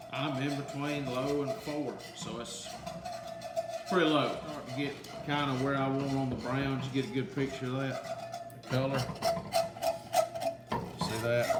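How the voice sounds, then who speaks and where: A man's voice: medium pitch, roomy sound, very noisy. A man, chatting to his viewers as he demonstrates a home recipe in his kitchen. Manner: folksy, chatty, talks straight to viewers. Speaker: home cooking video host. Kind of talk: casual cooking demonstration. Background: whisking and cooking sounds.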